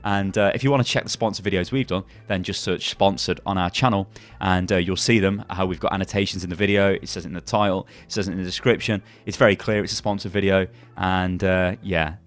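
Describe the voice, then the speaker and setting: A man's voice: sits low, steady tone, fast talker. A man hosting a gaming channel, ranting angrily with heavy swearing and frequent restarts. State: angry. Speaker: YouTube gaming channel host. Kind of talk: angry commentary video.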